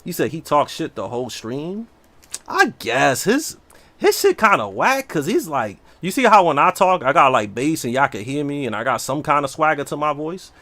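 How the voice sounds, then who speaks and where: This livestreamer's voice is a little high and moves at normal speed, with no echo on the recording. He talks brashly and casually while streaming a game, using lots of slang and plenty of animation.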